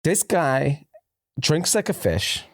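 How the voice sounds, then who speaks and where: A man's voice: on the high side, very animated, takes it slowly, no room sound, studio quality. A man co-hosting a casual podcast, telling loose anecdotes full of swearing and laughter. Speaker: podcast co-host. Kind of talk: casual chat.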